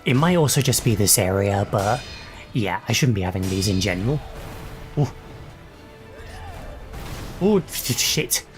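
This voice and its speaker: A man's voice: on the low side, expressive, a little slow, long pauses, faint music behind. A young adult man casually commentating his own gameplay, swearing and reacting aloud as he fights. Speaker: gaming channel host.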